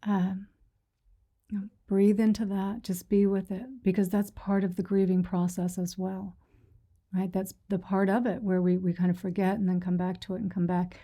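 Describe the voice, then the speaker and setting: Woman meditation teacher, dark tone, even delivery, soft and reassuring, slips into whispers. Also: mid-range voice, moderate pace. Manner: gentle, reassuring, soft-spoken; retells stories with quoted voices. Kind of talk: dharma talk to a sangha.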